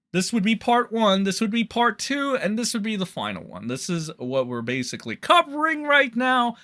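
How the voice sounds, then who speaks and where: A man's voice: high-pitched, bright, forceful tone. A young man hosting a livestream, rambling and swearing as he comments on online drama and talks to his chat.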